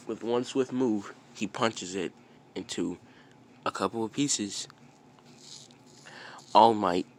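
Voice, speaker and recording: A man's voice: lowish voice, a bit bright, slight background noise. A man casually telling a fan-fiction story, rambling and repeating himself as he goes.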